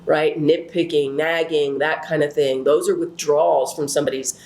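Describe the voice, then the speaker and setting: A woman's voice: low-pitched, moderate pace, a little hiss or hum. Chatty woman teaching in an echoey room. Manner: chatty, animated, many fillers and asides. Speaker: relationship class teacher. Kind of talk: casual teaching talk with personal stories.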